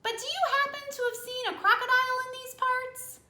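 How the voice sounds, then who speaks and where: A woman's voice: extremely high pitch, steady tone, fairly quick, sharp tone, reverberant, pitched above the performer's own voice, exaggerated voice. A woman voicing a curious young male elephant calf from a storybook, who eagerly asks question after question.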